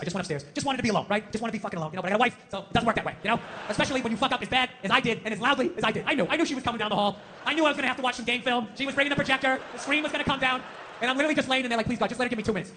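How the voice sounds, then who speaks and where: High-voiced, fast, profane ranting comedian. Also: male voice, big-room sound, noisy background. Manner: ranting, profane, rapid-fire. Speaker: stand-up comedian. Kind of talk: stand-up comedy rant. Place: live comedy stage in a theater.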